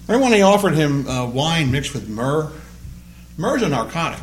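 A man's voice: a little high, big pitch swings, fairly quick, a little hiss or hum. A man preaching a sermon, acting out the voices of the people he quotes. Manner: dramatic, acts out quoted voices. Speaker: pastor.

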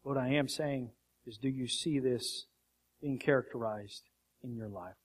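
A man's voice: mid-range voice, unhurried. A man preaching a sermon with emphatic rhetorical questions.

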